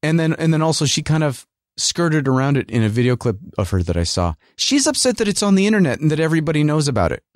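A man's voice: fairly high pitch, very animated, fast talker, hardly any pauses, no room sound. Rambling sarcastic man, dry sound. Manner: rambling, sarcastic, lots of fillers and restarts. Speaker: podcast host and working actor. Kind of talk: casual solo rant.

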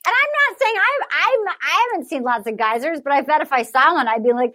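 A woman hosting a podcast in casual comedic chat, animated and profane, acting out quotes with lots of "like". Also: sits high, brisk, few pauses. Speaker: podcast host.

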